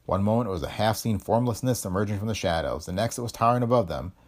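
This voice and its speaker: A man narrating a pulp adventure story in a dramatic, expressive storytelling manner. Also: fairly low pitch, fast talker.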